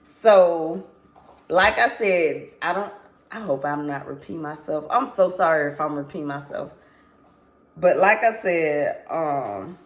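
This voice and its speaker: A woman talks straight to camera in a casual storytime, unhurried and drawn out. Her voice sits on the low side. She is candid and loose, swears freely, and keeps doubling back and apologizing for repeating herself. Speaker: vlogger.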